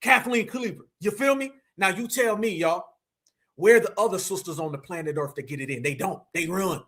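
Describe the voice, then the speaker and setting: A man's voice: high voice, moderate pace, a bit bright. A man hosting a live stream, preaching to his audience in a fired-up, hyped way. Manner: preachy, hyped, addresses chat as family. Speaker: livestream host. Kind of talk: fiery live stream commentary.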